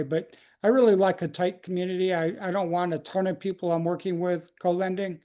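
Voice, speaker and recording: A man's voice: sits high, little pitch movement, brisk, few pauses, warm tone. Male host, casual webinar chat, rambling and friendly-paced. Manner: loose, chatty, lots of likes and ums.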